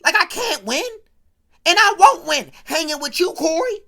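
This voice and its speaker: A woman acts out a bitter teenage boy who talks bluntly about his lot. The voice moves lively up and down with a gravelly grain. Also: very high voice, moderate pace, voice pushed up, exaggerated voice.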